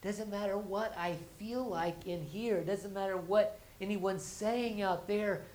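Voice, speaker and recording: A woman's voice: mid-range voice, fairly even intonation, slow, a little mellow, a little hiss or hum, rough recording. A woman preaching a conversational sermon. She restarts and repeats words, and she acts out the everyday voices of her listeners.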